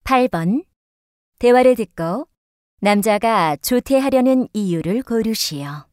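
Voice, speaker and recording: A woman announcing question numbers and instructions for a listening exam in a brisk, formal read. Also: fairly high pitch, animated, a little mellow, no room sound, clean studio sound. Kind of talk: reading test instructions.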